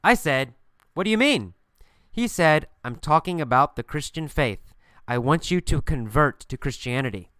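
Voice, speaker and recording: A man's voice: mid-range voice, normal speed, smooth, dry recording. Male English teacher, home recording, clean resonant voice, dry and close, casual with fillers. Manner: relaxed, many fillers, acts out story lines. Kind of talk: teaching with a story, then casual commentary. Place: bedroom at home.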